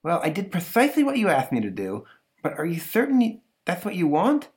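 A man's voice: high voice, huge pitch swings, brisk, a little mellow, pitched above the performer's own voice, heavily acted. A man doing a genteel, vain comic-strip monster. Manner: refined, mannered, slightly pompous. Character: huge genteel male monster, polite and vain.

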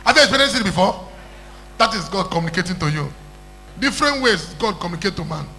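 Emphatic high-voiced male preacher. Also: lively intonation, quick pace, pushed and bright, a little hiss or hum, rough recording. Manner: emphatic, repeats phrases, calls for hallelujah. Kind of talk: call-and-response sermon.

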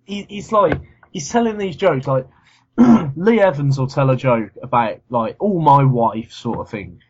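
A man's voice: medium pitch, lively intonation, unhurried, darkish tone, breathy edge. Sweary man ranting on a podcast. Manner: blunt, sweary, laughs at his own rants. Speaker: podcast co-host. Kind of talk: casual comedy chat. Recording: dull lo-fi podcast audio.

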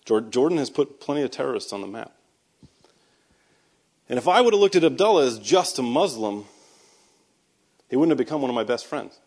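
A man's voice: medium pitch, sing-song, fairly quick, pauses often, darkish tone, breathy edge. A man, a Christian speaker, giving a personal testimony sermon in a conversational storytelling way, with sarcastic asides and emphatic bursts. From United States. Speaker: Christian speaker and army veteran.

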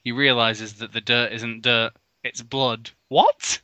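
A man's voice: medium pitch, level tone, measured pace, no echo. Man reading fan fiction aloud, mocking it. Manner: bursts into loud exaggerated outbursts, mocks spelling. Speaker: comedy reader of fan fiction. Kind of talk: mock dramatic reading with commentary.

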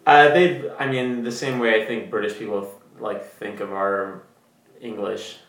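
A young man from Brazil chatting casually, relaxed and rambling with fillers. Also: lowish voice, measured pace. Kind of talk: casual chat. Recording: roomy echo.

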